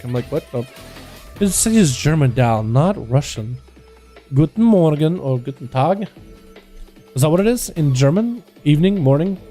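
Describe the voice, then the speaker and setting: Excitable high-voiced man commentating duels. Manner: excitable, chatty, talks to chat. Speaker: streamer and duel commentator. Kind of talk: live game commentary.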